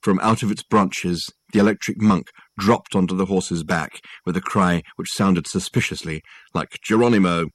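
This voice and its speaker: A man reading an audiobook aloud with wry, expressive storytelling. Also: low voice, normal speed, few pauses, no room sound. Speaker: audiobook narrator. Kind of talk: scripted narration.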